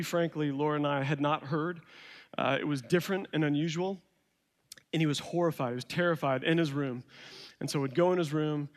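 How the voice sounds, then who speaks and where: A young man giving an earnest personal testimony, acting out quoted lines as he tells the story. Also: fairly high pitch. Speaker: speaker sharing recovery story. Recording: long hall reverb.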